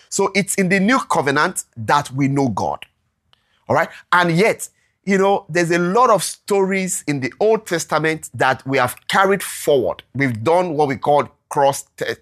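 A Bible teacher leading an interactive lesson, reading verses slowly and deliberately and constantly asking the congregation "all right?". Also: mid-range voice, fairly bright tone. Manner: checks in constantly with "all right?" and asks the room questions; reads scripture slowly and deliberately.

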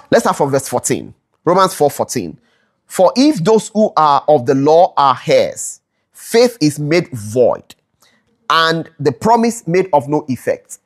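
A Bible study teacher who explains scripture, asks rhetorical questions, repeats them for emphasis, and keeps checking in with listeners. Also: mid-range voice. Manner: checks in with listeners, keeps asking "all right?"; corrects themselves mid-sentence.

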